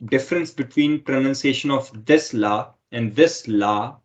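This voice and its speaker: A man's voice: mid-range voice, unhurried, highs cut off. A man teaching a French lesson online who explains step by step and keeps repeating himself with "okay".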